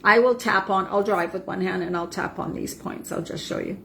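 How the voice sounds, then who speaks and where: A woman's voice: mid-range voice, normal speed, vocal fry, a bit bright. Soothing woman coach with faint hiss. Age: 40s. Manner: soothing affirmations with frequent "right?" and "okay?". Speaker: wellness coach. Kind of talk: guided self-help demonstration.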